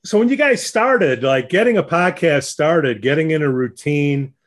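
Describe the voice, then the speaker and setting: A man hosts a casual radio interview. He prods his guests with joking questions. His voice is a little high for a man. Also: lively intonation, moderate pace. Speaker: radio host.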